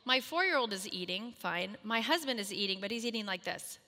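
A woman in her thirties telling a humorous, self-mocking story to a moms' group, animated and acting out the voices in her quotes. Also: mid-range voice, fairly quick, long reverb tail.

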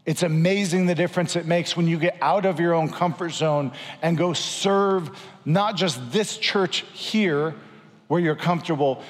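Earnest pastor preaching in a hall. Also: male voice, on the high side. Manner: earnest, exhorting, repeats for emphasis. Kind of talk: sermon.

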